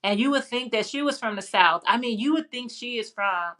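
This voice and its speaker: A woman's voice: a little high, expressive, a little fast, bright, forceful tone. A woman from Chicago hosting a casual live stream, chatting with viewers, reading their comments aloud and laughing often. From Chicago, United States. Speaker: livestream host.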